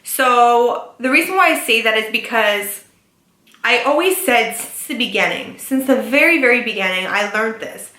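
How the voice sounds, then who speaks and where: A young woman talks casually to her viewers, rambling and filling pauses with "like" and "um". Her voice sits a little high and sounds bright and forward. The room around her is noticeably echoey. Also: lively intonation. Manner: chatty, filler-heavy with lots of "like" and "um". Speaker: beauty and lifestyle vlogger. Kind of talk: casual chat to camera.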